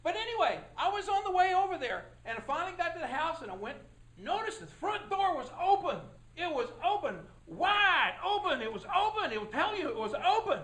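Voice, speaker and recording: A man puts on a high, bright little-girl voice for Red Riding Hood, breathless and rambling, her tone swooping up and down. She repeats herself in a folksy told-aloud tale, and the sound rings in an echoey room. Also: big pitch swings, a little fast, exaggerated voice. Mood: excited. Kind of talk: folksy storytelling performance.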